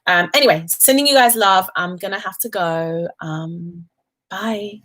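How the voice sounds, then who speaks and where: A British woman hosting a casual hair care livestream, chatting to viewers with many ums and warm affection toward her audience. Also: medium pitch, a little slow. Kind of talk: casual live chat answering viewers. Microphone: webcam livestream.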